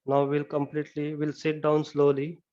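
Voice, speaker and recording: A man leading a guided yoga relaxation, talking slowly and calmly with many "you know"s. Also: a little high, muffled recording. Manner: slow, calm step-by-step guidance with frequent "you know". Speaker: yoga instructor. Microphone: camera mic.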